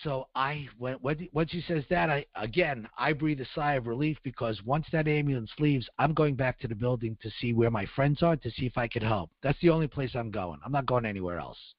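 A man's voice: mid-range voice, brisk, few pauses, no echo, highs cut off. A man speaking on the radio, telling his story in the first person and voicing the people in it. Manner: earnest, acts out dialogue in raised voices. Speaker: guest recounting survival.

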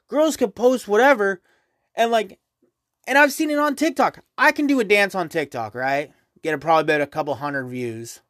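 A man's voice: high-pitched, a bit bright, no echo, clean studio sound. A young man hosting his own podcast, ranting casually and profanely, rambling and tagging his points with "right?". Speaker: podcast host. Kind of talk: casual solo podcast rant.

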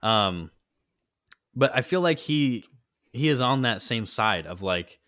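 In a clean, studio-quality recording with no room sound, a man co-hosting a casual podcast speaks slowly in a fairly bright, medium-pitched voice with lively intonation. He rambles, leaning heavily on fillers, restarting and correcting himself.

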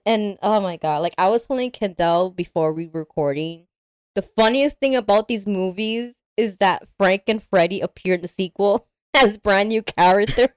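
A woman co-hosting a podcast, chatting about a movie in an animated way, laughing often and acting out quotes. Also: mid-range voice, normal speed, dry recording, studio quality. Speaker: podcast co-host. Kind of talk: casual movie discussion.

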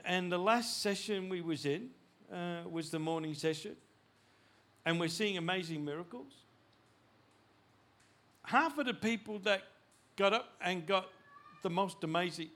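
Animated preaching man, high bright voice. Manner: animated preaching, rising loud when voicing God; frequent restarts and repeated words. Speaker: pastor. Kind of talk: sermon.

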